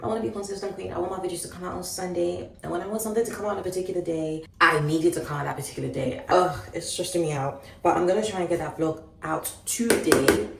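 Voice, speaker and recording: A woman's voice: fairly low pitch, fast, gravelly, few pauses, echoey room, far from the mic, a little hiss or hum, poor audio. A woman in her late twenties from Ghana, venting in a casual, candid vlog to her phone camera. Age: late 20s. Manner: frustrated venting, chatty and candid. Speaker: vlogger.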